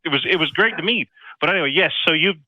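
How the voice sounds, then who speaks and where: A man's voice: on the high side, bright, forceful tone, dry recording. Newfoundland man calling in on a dull line. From Newfoundland and Labrador. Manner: halting, repeats words, many restarts. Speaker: caller. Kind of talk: casual phone-in chat. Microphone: phone or computer call.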